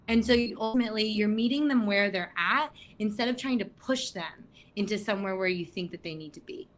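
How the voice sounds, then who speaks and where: A woman's voice: mid-range voice, fairly quick, fairly bright tone. Chatty woman guest on mental health. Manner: chatty, frequent "like", acts out quoted dialogue. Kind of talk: casual talk at an online event.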